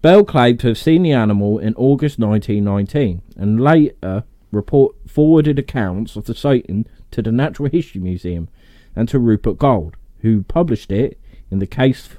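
A man's voice: fairly low pitch, lively intonation, normal speed, dark tone, no echo. A man hosting a podcast, chatting casually, reading out facts and joking and swearing between laughs. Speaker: podcast host.

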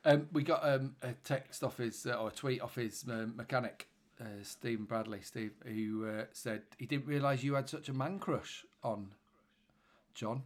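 A man of middle pitch co-hosts a casual podcast and teases his partner. He speaks haltingly, with plenty of ums and uhs between his words. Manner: teasing, hesitant with many ums and uhs. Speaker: podcast co-host. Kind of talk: casual chat.

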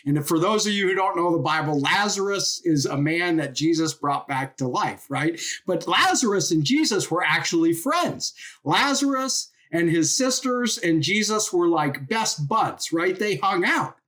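A woman telling a Bible story as an informal sermon, animated and full of rhetorical questions. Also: on the low side, unhurried.

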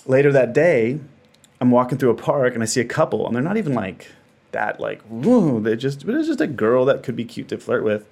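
Animated man telling a personal story. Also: mid-range voice, a little fast, creaky. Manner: animated storyteller acting out his own inner voices. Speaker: actor and dancer guest. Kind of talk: casual conversation.

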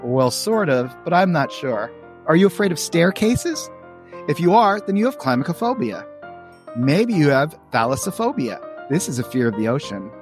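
A man's voice: fairly high pitch, sing-song, normal speed, soft background music, voice pushed up. A man doing a bossy know-it-all cartoon girl. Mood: lecturing. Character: bossy girl cartoon character playing psychiatrist. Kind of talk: reading a comic strip aloud.

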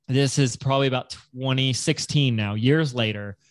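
A man's voice: medium pitch, moderate pace, no room sound. A man telling his business story in a casual interview, acting out other people's voices in quotes. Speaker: guest entrepreneur.

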